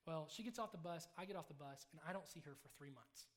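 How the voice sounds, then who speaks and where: Male preacher with a fairly high, rapid-fire voice who tells stories with lots of energy. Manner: fast, animated storyteller. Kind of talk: sermon with personal storytelling. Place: room with a live congregation.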